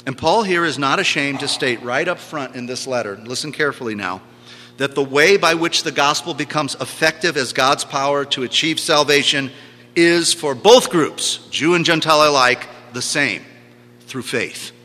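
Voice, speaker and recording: Man, sermon, emphatic preaching, repeats phrases, very bright tone, long hall echo. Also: mid-range voice, normal speed.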